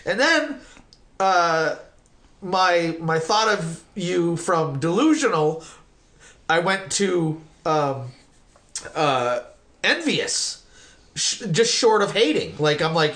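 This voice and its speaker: A middle-aged man hosting a casual interview, telling stories in a rambling, animated way with some swearing. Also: high voice, takes it slowly. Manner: rambling, animated storytelling with profanity. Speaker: podcast host.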